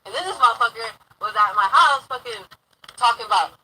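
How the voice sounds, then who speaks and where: A woman's voice: a little high, quick pace, sharp tone, slight background noise, poor audio. A young woman telling a rambling personal story in casual talk, swearing heavily and getting heated.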